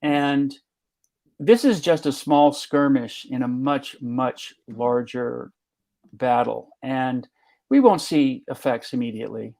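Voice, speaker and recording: A man in his sixties, a retiring teacher, speaking as a guest in a halting, measured way with many restarts. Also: mid-range voice, vocal fry, darkish tone. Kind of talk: conversational interview.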